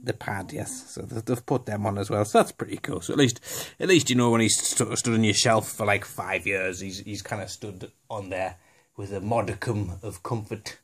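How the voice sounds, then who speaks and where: A man's voice: lowish voice, steady tone, moderate pace, breathy edge. A man chatting casually through a toy unboxing, jokey and rambling, with lots of fillers and asides. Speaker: toy reviewer.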